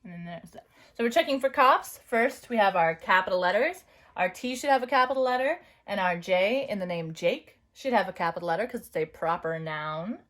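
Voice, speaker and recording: A woman teaching a phonics and dictation lesson, dictating slowly word by word and checking in with students. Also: medium pitch, expressive, fairly bright tone. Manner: slow, careful word-by-word dictation; checks in with "right?" and "okay?".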